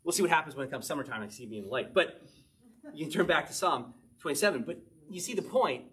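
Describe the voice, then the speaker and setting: Animated male pastor preaching. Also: fairly high pitch. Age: adult, married. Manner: animated preaching, shifts between fast asides and slow emphatic verse reading. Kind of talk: sermon.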